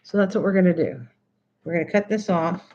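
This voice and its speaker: An older woman with a lowish voice chats away while she crafts on a livestream, laughing easily and teasing her cat between steps. The sound is dull and lo-fi, like a basic home setup. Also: steady tone, brisk, mellow. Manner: chatty, laughs often, teases her cat. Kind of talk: casual livestream chat.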